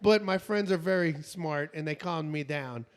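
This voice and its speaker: Animated storytelling man, fairly high voice. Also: normal speed, smooth. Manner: animated storyteller, acts out quotes, laughs often. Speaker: podcast co-host. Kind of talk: casual chat.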